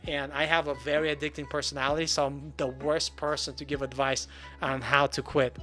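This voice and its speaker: A man's voice: on the high side, flat delivery, fairly quick, pushed and bright, faint music behind. Rambling self-deprecating man in his forties. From Russia. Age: 40s. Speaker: livestream host. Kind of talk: casual live-stream chat.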